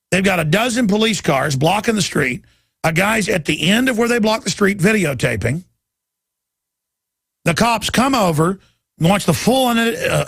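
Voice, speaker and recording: Gravelly high-pitched talk radio host. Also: male voice, a bit bright, no echo, studio quality. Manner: urgent, rambling, addresses listeners as folks.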